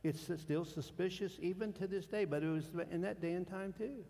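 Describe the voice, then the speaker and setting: Casting: male pastor, gravelly, fairly high voice, fiery sermon swinging hushed to loud. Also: fairly quick. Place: church sanctuary. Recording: long church hall reverb.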